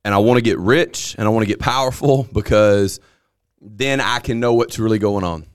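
A man's voice: lowish voice, moderate pace, smooth, no echo, studio quality. A man hosting a casual podcast chat, laid-back and rambling, often repeating himself. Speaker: podcast host.

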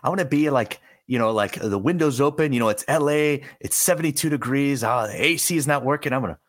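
A man from Florida joins a podcast as a guest and jokes around with the hosts. His voice is an everyday middle pitch. He is loose and teasing in the banter. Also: quick pace. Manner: playful, joking banter. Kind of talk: casual chat.

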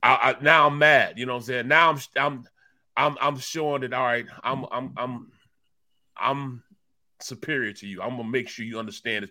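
A man's voice: mid-range voice, steady tone, normal speed, bright, forceful tone. A man co-hosting a sports talk show, telling a story animatedly and repeating words when worked up. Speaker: co-host, former football player.

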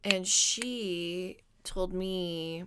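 A woman co-hosting a casual podcast chat, chiming in with wry asides and quick agreement. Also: on the low side, background noise. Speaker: podcast co-host.

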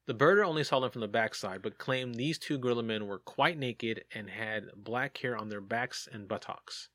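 A man's voice: mid-range voice, moderate pace, sharp tone, dry recording, clean studio sound. A man hosting a casual podcast, reading sighting reports aloud and joking about them. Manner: jokey, reads reports aloud with asides.

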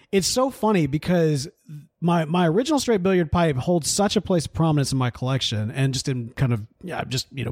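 A man with a fairly high voice, recorded dry and close. He co-hosts a podcast and chats easily, with many fillers and frequent laughter. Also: a little mellow, no echo. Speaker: podcast co-host. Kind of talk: casual chat.

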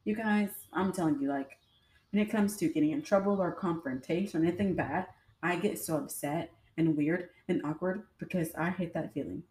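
A woman's voice: fairly low pitch, normal speed, a little mellow. A young adult woman telling her own stories to viewers in a casual, rambling way, full of fillers. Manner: chatty, rambling, with many fillers. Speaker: vlogger. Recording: echoey room.

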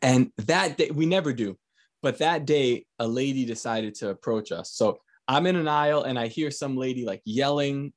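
A man's voice: medium pitch, normal speed. Laughing, crude-talking male podcast host. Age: adult with young kids. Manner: crude storytelling, laughs often. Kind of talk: casual chat.

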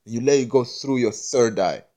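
A man's voice: mid-range voice, moderate pace, warm tone. A man in a casual spiritual monologue, rambling, repeating words, and swearing as he affirms himself and keeps asking if you understand him. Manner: self-affirming, preachy, often asks "you understand me?".

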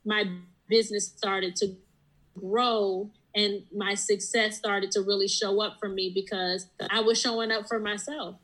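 A woman's voice: mid-range voice, flat delivery, unhurried, fairly bright tone, poor audio. A woman who runs her own business, telling her story in an interview in an earnest, reflective way. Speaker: business owner and guest. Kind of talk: interview conversation.

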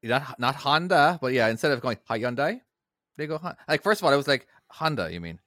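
A man chatting loosely as a podcast co-host, trailing off and restarting with little laughs. His voice sits at an ordinary middle pitch, recorded close and dry with no room sound. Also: lively intonation, fast talker, a bit bright, no echo. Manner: rambling, self-interrupting, chuckly. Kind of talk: casual chat.

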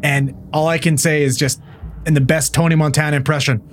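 Swearing paramedic telling a story. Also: male voice, on the high side, a little fast, a little hiss or hum. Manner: profane, animated storyteller who acts out what people said. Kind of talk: casual storytelling chat.

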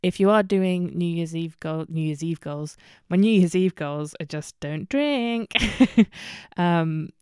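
A woman talks through her week in a casual solo podcast, candid and full of ums. Her voice is fairly low and smooth, and she speaks slowly. The sound is dry and close, with no room around it. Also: darkish tone, dry recording. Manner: chatty, candid, many ums and self-corrections. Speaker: podcast host.

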